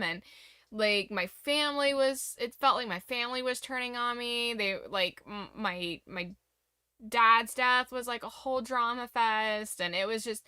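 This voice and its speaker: A woman's voice: on the high side, pushed and bright, smooth, no room sound. A young woman streamer in a casual late-night chat, speaking candidly and reflectively about her struggles, rambling with restarts.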